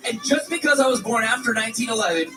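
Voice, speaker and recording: A young man co-hosting a livestream, ranting loudly and profanely, often shouting. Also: very high voice, lively intonation, quick pace, far from the mic, rough recording. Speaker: livestream co-host. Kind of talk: rowdy livestream banter. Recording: off-mic with loud music behind. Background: music.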